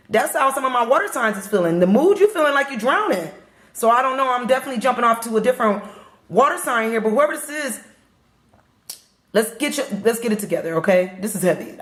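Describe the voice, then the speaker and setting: A woman's voice: on the high side, echoey room. A woman giving a casual tarot reading and talking straight to her viewers in a chatty, repetitive way. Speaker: tarot reader.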